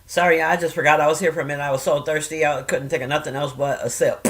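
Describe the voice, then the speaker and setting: A woman's voice: low voice, fairly even intonation, fast talker, slight background noise. A woman in her fifties chatting casually on a vlog, rambling and swearing freely, often breaking into laughter. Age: 50s. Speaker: reaction vlogger. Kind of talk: casual chat.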